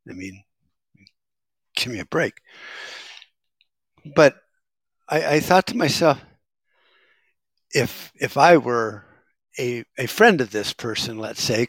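A man's voice: mid-range voice, fairly bright tone, dry recording. A middle-aged man talking in a casual, rambling monologue, sarcastic and wisecracking. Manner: rambling, sarcastic, self-described smartass. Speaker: vlogger.

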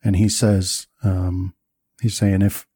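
A man narrating as game master, describing scenes with many pauses and fillers. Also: lowish voice, fairly even intonation, warm tone, no room sound, clean studio sound.

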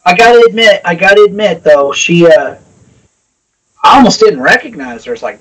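A man's voice: high-pitched, very animated, a little fast, fairly bright tone, low-quality recording. A man co-hosting a podcast, joking crudely in loose casual chat. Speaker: podcast co-host. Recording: off-mic with faint noise.

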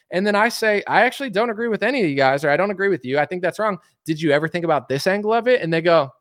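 A man streaming an opinionated political monologue, emphatic and mocking, acting out other people's replies in quick asides. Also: sits high, fairly bright tone, no echo, studio quality.

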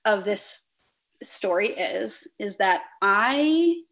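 A woman chatting on a podcast, her voice sitting at an ordinary middle pitch. She tells stories with animation, slipping into the voices of both people in an imagined exchange. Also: very slow. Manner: animated storytelling, acts out both sides of dialogue. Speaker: podcast guest. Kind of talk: casual conversation.

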